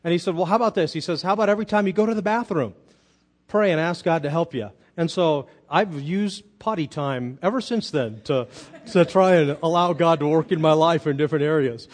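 A man preaching a sermon, telling a personal story and rising to loud, emphatic peaks. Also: fairly high pitch, brisk. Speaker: pastor.

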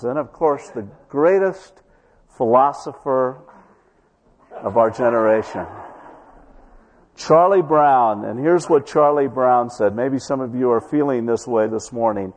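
Husky-voiced male preacher. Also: mid-range voice, in a large hall. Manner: storytelling preacher, slows for emphasis. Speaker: pastor. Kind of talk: sermon. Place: church.

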